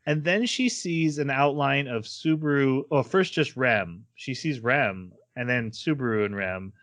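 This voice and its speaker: A man of middle pitch chats casually as a podcast co-host. He rambles through a recap, stacking fillers and restarts. His voice sits in an ordinary register. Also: measured pace, a bit bright. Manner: rambling plot retelling with fillers and laughs. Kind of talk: casual anime recap chat.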